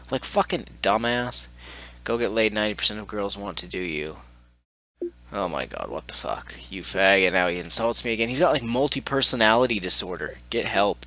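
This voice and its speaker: Fed up gamer dude ranting and cursing, lowish voice but bright and edgy. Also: male voice. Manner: profane, exasperated ranting. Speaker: gaming video host. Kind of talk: angry commentary reading out messages.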